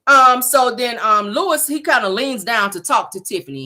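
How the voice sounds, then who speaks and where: A woman, casually recapping a reality show. She is blunt and sassy, swears freely, and acts out quotes with big jumps in pitch. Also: expressive, normal speed, bright, forceful tone.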